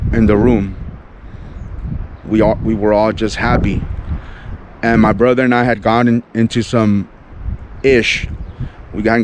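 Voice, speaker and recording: Man, from California, fervent personal testimony, casual fillers, outdoor traffic noise. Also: fairly low pitch. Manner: fervent, fillers like "you know" and "like". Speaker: faith vlogger.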